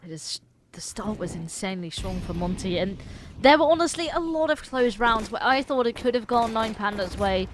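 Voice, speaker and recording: A woman calling fast play-by-play as co-caster of a live esports match, laughing easily. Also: mid-range voice, animated, a little hiss or hum.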